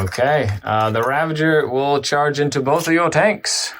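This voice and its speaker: A man's voice: on the high side, moderate pace, fairly bright tone, a little hiss or hum. Chatty man calling tabletop game moves. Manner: chatty, laughs often, thinks aloud. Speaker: host and player. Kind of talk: casual tabletop battle commentary.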